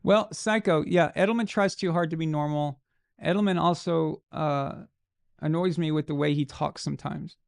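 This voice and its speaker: A man with a fairly high voice and a gravelly, fried edge hosts a live show. He rants bluntly and casually about sports, swearing freely. The sound is dry and close. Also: fairly even intonation, moderate pace, dry recording.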